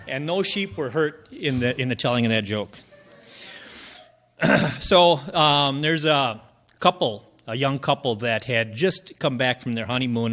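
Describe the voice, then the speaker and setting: A man's voice: medium pitch, fairly bright tone. A man telling jokes at an open mic in a folksy, rambling way, chuckling at his own punchlines. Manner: folksy, rambling storytelling with fillers. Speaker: open mic joke teller.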